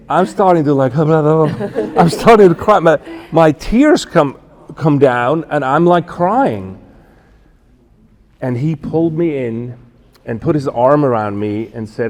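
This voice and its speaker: A man in his fifties from Switzerland, telling a personal story as a guest speaker, halting and correcting himself with many fillers. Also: fairly high pitch, animated, a little mellow. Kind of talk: storytelling talk. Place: church event hall. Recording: long hall reverb.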